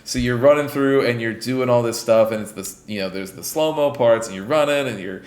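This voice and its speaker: A man co-hosting a casual podcast chat, telling a story with animated energy and swearing freely. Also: mid-range voice, brisk. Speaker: podcast co-host. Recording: roomy echo.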